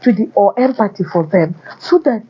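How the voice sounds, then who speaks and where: A woman's voice: medium pitch, lively intonation, normal speed, breathy edge, dull audio. A woman vlogger giving blunt, repetitive relationship warnings addressed to men. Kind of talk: casual advice monologue.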